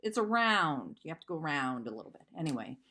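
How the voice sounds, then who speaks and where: A woman's voice: deep voice, sing-song, fast talker, bright, forceful tone. A woman in her fifties venting in a vlog, upset and telling a rambling, profane story. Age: 50s. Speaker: vlogger. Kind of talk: emotional personal venting.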